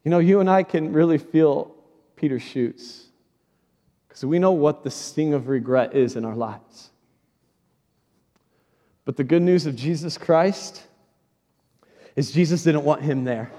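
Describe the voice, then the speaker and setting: A man's voice: fairly high pitch, a little slow, pauses often, dark tone. A man preaching a sermon in church, telling a story dramatically and acting out the voices in it. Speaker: pastor. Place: church sanctuary. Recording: large hall reverb.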